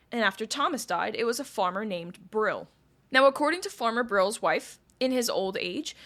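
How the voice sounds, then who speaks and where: A woman's voice: fairly high pitch, fairly bright tone. A woman podcast host telling a history story in a casual, chatty way with wry asides.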